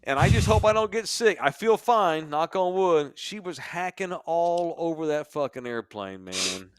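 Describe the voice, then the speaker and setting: A man's voice: a little high, lively intonation, unhurried, crowd noise. A man co-hosting a podcast, telling a crude, mocking travel story with lots of profanity. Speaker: podcast co-host. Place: sports bar studio.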